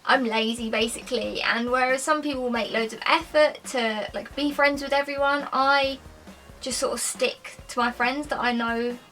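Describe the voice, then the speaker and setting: A woman's voice: high voice, fairly even intonation, normal speed, sharp tone, distant mic, soft background music, poor audio. A woman in her twenties chatting casually to camera as a lifestyle vlogger, rambling with lots of "like" and "um". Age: 20s.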